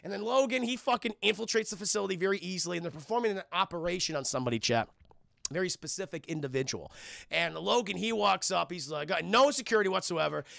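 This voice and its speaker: Sarcastic gravelly young man streaming. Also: high-pitched, lively intonation, fast talker, a bit bright, dry recording. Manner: sarcastic, rambling, swears freely, addresses the chat. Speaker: streamer, film reviewer. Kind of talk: casual spoiler review to a live chat.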